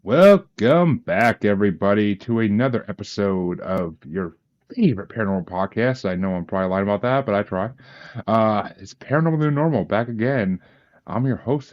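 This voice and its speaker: A man's voice: lowish voice, very animated, fairly quick. A man hosting a podcast, chatty and self-deprecating as he talks with a guest. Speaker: podcast host. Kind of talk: casual podcast interview. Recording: dull lo-fi audio.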